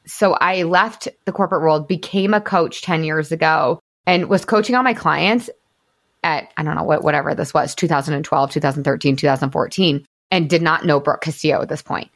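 Speaking in a low-sitting voice, a podcast host and coach in her thirties shares her story in a casual, candid way. She leans on "like" a lot and swears now and then.

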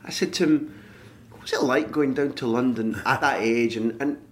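A man's voice: mid-range voice, moderate pace, slight background noise. A man interviewing a guest, asking curious questions and chiming in with short remarks. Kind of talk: conversational interview.

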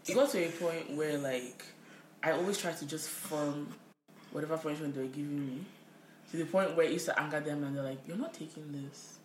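Young woman, podcast co-host, low voice, animated storyteller, roomy echo. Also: brisk, slight background noise. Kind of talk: casual chat.

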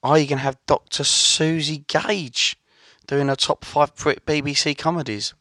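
A man's voice: a little high, steady tone, moderate pace, bright, forceful tone, no echo. A man hosting a podcast, closing the episode in a dry, joking, offhand way. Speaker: podcast host. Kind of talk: podcast sign-off.

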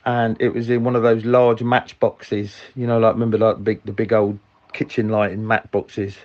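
A man's voice: on the low side, level tone, normal speed, muffled recording. A man with a Cockney accent leaving a rambling, earnest voice message for a podcast. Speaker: caller leaving a voice note. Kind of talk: casual voice message.

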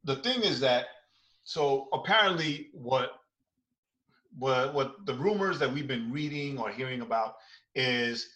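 A man co-hosting a casual podcast chat, animated and quick to laugh and joke. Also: mid-range voice, roomy sound, rough recording. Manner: animated, laughs often, jokes around. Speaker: podcast co-host. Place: podcast studio in Atlanta.

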